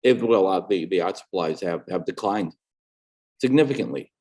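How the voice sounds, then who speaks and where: Low-voiced, earnest man with halting speech. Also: lively intonation, darkish tone. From New England, USA. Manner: earnest, halting with restarts and repeated words. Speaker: guest artist and educator. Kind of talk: casual interview chat.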